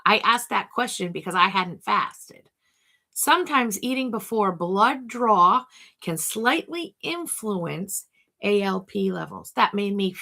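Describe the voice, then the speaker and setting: A woman's voice: medium pitch, bright, forceful tone. A middle-aged woman hosting a casual talk to camera, chatty and thinking aloud, talking to herself by name. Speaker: host.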